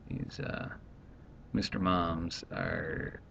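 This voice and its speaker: Gravelly low-voiced man venting on a vlog. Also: fairly bright tone. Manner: rambling, exasperated, quickly acts out others. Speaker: stay-at-home dad vlogger. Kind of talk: casual vlog monologue. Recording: dull lo-fi home recording, faint rumble.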